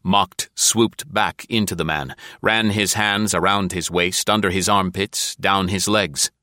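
A man narrating an audiobook in a steady, measured reading voice. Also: deep voice, dry recording, clean studio sound.

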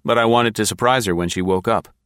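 A man doing an anxious suburban guy who rushes his words and over-explains. The voice is pushed louder and noticeably higher than the reader's own deep tone, and the sound is dry and close. This is an audiobook-style reading. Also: clear, resonant tone, no room sound, lightly acted. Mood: flustered. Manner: hasty, nervous, overly chatty. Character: flustered suburban man caught prowling.

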